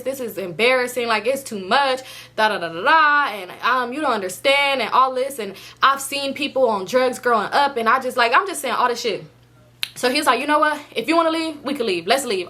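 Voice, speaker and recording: Fast, bright young woman telling a story. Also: on the high side. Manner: animated, acts out quoted dialogue in her own voice. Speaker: storytime vlogger. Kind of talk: casual storytime.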